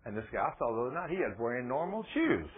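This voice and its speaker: A man preaching a folksy, animated sermon on the radio, swinging from soft, low passages to excited outbursts. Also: racing, crowd noise. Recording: tinny phone-like radio sound.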